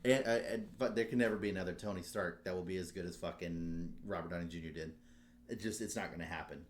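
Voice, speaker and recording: A man's voice: sits low, quick pace, a little hiss or hum. A man co-hosting a podcast, chatting casually, swearing a lot and telling stories with big laughs. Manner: swears constantly, animated storytelling, laughs loudly. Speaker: podcast co-host. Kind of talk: casual chat.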